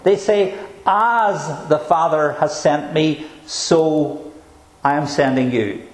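A man preaching a sermon, earnest and emphatic, slowing down to stress key phrases. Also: a little high, reverberant, rough recording.

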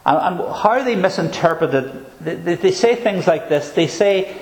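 A man preaching a sermon, earnest and emphatic, slowing down to stress key phrases. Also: sits high, expressive, roomy sound, rough recording.

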